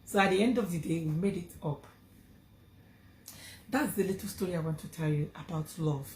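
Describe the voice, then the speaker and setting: A woman's voice: on the low side, normal speed, darkish tone, a little hiss or hum. Earnest Nigerian woman in echoey room. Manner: earnest, emphatic, repeats phrases for stress. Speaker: vlogger. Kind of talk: personal storytelling to camera.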